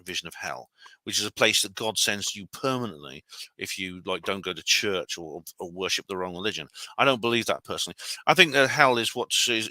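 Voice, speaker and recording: A man co-hosts a casual talk stream, musing at length and laughing easily. His voice is low yet strikingly bright and forceful, recorded close and dry. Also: dry recording. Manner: reflective and talkative, with frequent laughs. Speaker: co-host. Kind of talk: casual chat.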